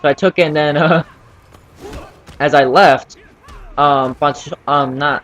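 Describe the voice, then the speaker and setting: A man's voice: on the high side, steady tone, slow, pauses often, a bit bright. A teenage boy casually telling a story from school, rambling with many fillers and restarts. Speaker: vlogger.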